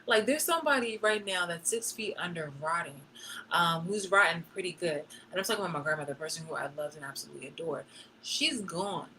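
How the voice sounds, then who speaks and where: A woman live streaming, telling a personal story in a blunt, profane and animated way. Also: fairly low pitch, brisk, a little hiss or hum, rough recording.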